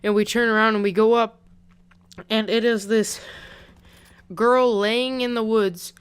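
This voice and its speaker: A man's voice: sits high, flat delivery, unhurried, smooth. A young man casually telling a story on his vlog, rambling and chatty with lots of "like", into a pop-filtered desk mic. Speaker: vlogger.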